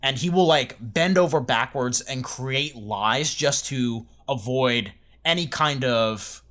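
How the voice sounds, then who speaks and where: A man's voice: medium pitch, slow pace, a bit bright. A man co-hosting a casual review podcast, joking at himself and laughing often. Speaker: podcast co-host.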